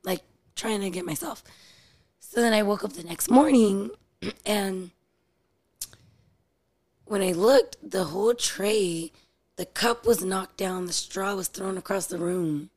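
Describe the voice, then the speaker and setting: A woman's voice: mid-range voice, slow pace, pauses often, darkish tone. Rambling woman in casual chat. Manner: rambling, heavy use of "like". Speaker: podcast co-host.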